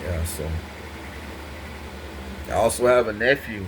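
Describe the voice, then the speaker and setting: A man's voice: lowish voice, expressive, takes it slowly, noisy background. A man giving an intense, profane, rambling monologue to the camera, repeating himself as he goes. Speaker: vlogger speaking to camera.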